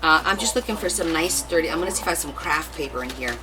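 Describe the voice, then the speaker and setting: A woman's voice: low voice, lively intonation, fast, background noise. A woman hosting a casual crafting live stream, chatting and joking with viewers and laughing often. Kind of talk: casual chat while crafting, reading viewer comments.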